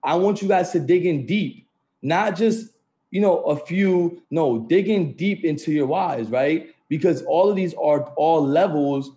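A man's voice: a little high, unhurried, warm tone. A man hosting a morning group call, giving an upbeat motivational talk over a video call, repeating phrases and checking in with the audience. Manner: upbeat, repetitive, keeps saying "right?" and "family".

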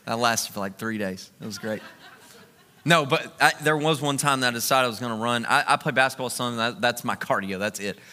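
A man preaching a sermon, moving from a relaxed, joking personal story into emphatic preaching. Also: medium pitch, a little fast, long reverb tail.

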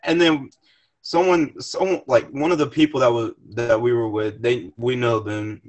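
A man's voice: mid-range voice, steady tone, normal speed. Young man telling a rambling story. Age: young adult. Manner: rambling, profane, restarts often. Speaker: podcast guest. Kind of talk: casual storytelling.

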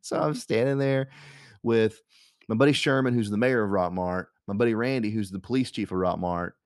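A man's voice: fairly low pitch, brisk, darkish tone, no echo, studio quality. A young man, a radio host telling stories in a rambling, casual way, full of fillers and restarts. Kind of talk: casual storytelling monologue.

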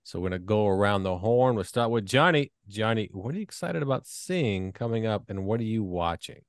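Low-voiced, blunt joking male host. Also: lively intonation, a little fast, clear, resonant tone, no room sound, clean studio sound. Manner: joking, blunt, leads the questions. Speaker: podcast host. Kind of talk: casual chat.

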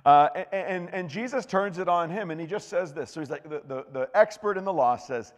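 A man's voice: fairly high pitch, lively intonation, brisk, few pauses. A man preaching a conversational sermon as pastor, joking and chatty with frequent restarts, and reading scripture aloud. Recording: long reverb of a large hall.

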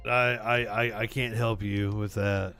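A man's voice: fairly low pitch, level tone, unhurried, fairly bright tone, clear, resonant tone, soft background music. A man co-hosting a late-night comedy talk stream, bantering casually with self-deprecating, stammering restarts. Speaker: co-host. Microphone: lighter held as a prop mic.

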